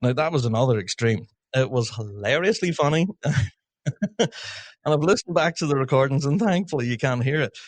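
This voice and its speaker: A man's voice: medium pitch, expressive, no echo. Chatty male podcast host. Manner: chatty, laughs often, quick asides. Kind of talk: casual chat.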